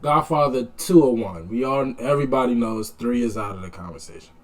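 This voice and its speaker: A man hosting a reaction video, chatting casually with halting, rambling enthusiasm. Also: medium pitch. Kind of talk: casual chat.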